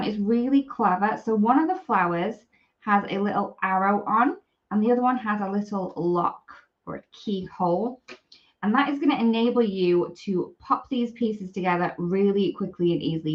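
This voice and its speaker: A woman's voice: mid-range voice, lo-fi sound. A woman demonstrating craft products on a live stream, chatty and apologetic as she works. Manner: chatty, apologetic, talks while working.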